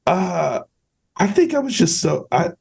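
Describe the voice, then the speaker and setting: A man's voice: high-pitched, very animated, unhurried, gravelly, a little mellow, slightly rough. A man hosting a podcast, chatting casually and candidly, rambling with frequent restarts. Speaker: podcast host. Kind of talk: casual conversational interview.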